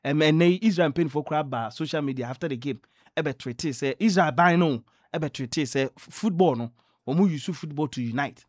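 A man with a Ghanaian accent presenting sports news on radio, telling stories in a lively way and mixing in English phrases. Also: on the high side, fairly quick, no room sound, studio quality.

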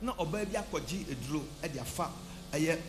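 A man preaching as a prophet, shouting and half-singing his lines, mixing in testimony from the congregation. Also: a little high, expressive, brisk. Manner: shouting, sing-song preaching, switches between Twi and English. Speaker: prophet leading a church service. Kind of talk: charismatic sermon with testimony. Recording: echoey church hall with background hum.

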